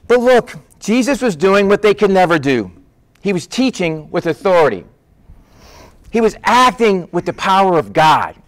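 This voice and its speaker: A man preaching a sermon in a conversational, animated way, acting out the voices of people in the story. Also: sits high.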